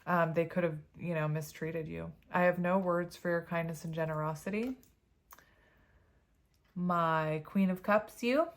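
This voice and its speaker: A woman's voice: fairly low pitch, steady tone, measured pace. A woman reading tarot cards to her viewers in a casual, chatty way, often laughing as she reads the card messages aloud. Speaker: tarot reader.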